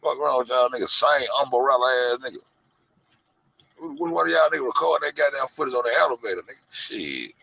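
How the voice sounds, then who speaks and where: Man, gravelly, mocking, profane rant, muffled lo-fi audio. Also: mid-range voice, expressive, a little fast, no room sound. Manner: loud, profane, heavy slang, mocking. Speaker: show host. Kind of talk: profane rant to an online audience.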